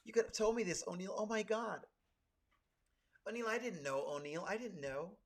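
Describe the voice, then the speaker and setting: A man's voice: high voice, moderate pace. A man voicing a gushing, condescending young white woman who says "oh my God" constantly. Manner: breathy, gushing, fillers like "oh my God".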